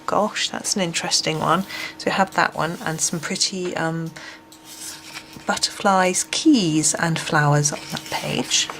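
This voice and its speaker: A woman reviewing a colouring book in a casual flip-through. She speaks gently and hesitantly, with many ums, and sometimes drops almost to a whisper. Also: low voice, a little slow. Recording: steady background noise.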